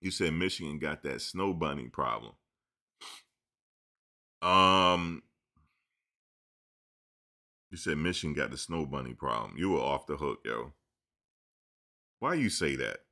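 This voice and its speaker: A man hosting a casual live-stream sports talk show, teasing and answering his chat in an animated way. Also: extremely low pitch, unhurried, gravelly, pauses often.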